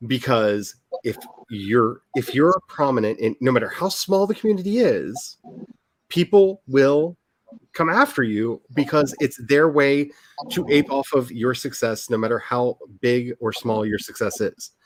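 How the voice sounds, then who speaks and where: A man hosting a casual talk among writers, chatty and animated, often restarting his sentences. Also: medium pitch, unhurried. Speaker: author and channel host. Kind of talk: casual chat.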